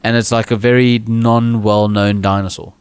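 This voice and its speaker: A man's voice: lowish voice, flat delivery, normal speed, clear, resonant tone. A man co-hosting a podcast in casual banter, rambling and restarting his sentences as he jokes around. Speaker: podcast co-host.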